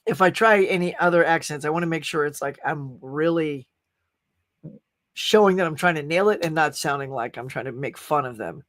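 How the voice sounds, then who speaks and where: Chatty high-voiced american guy rambling on a live stream, dry close mic. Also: normal speed, a bit bright, no echo. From United States. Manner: rambling and chatty, reading out viewer comments. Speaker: host of a live pop culture show. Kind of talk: casual live-stream chat with viewers.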